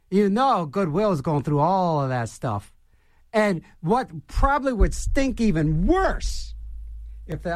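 A man's voice: a little high, darkish tone, dry recording, studio quality. A man hosting a radio show, rambling through jokey asides and banter between songs. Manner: wisecracking, meandering, with sighs and jokey asides.

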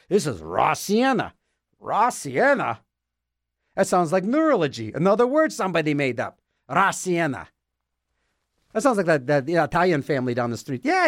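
A man with a high, bouncy voice hosts a radio show and rambles in comic asides. He is goofy and self-mocking, and he keeps repeating words in silly voices. The sound is dry and close to the mic. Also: no echo. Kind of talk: rambling comedic radio banter.

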